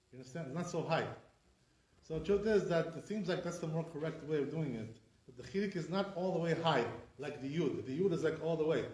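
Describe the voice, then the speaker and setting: A man's voice: a little high, darkish tone. A man, a rabbi, teaching an informal class to students, explaining step by step, checking in with listeners and saying sounds aloud to demonstrate them. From Sephardi community. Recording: echoey room.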